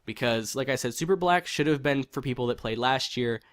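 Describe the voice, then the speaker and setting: A man's voice: mid-range voice, brisk, fairly bright tone. A man giving a heated, frustrated opinion rant on a video game, swearing and repeating himself for emphasis. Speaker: gaming commentator.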